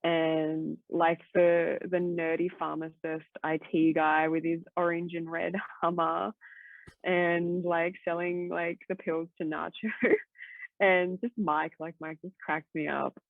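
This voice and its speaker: A woman's voice: fairly low pitch, level tone, slow pace, creaky, no echo. A woman guest chatting casually on a podcast, rambling with lots of "like" fillers and casual swearing. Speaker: guest co-host. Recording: tinny phone-like line, dry.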